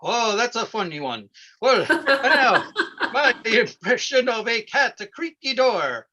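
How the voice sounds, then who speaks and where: A man putting on a high, goofy old farm-show host. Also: sing-song, sharp tone, a little hiss or hum, exaggerated voice. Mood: folksy cheerful. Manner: corny, drawn-out, chuckling "ho ho ho". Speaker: stand-up comedian. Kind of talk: character stand-up bit.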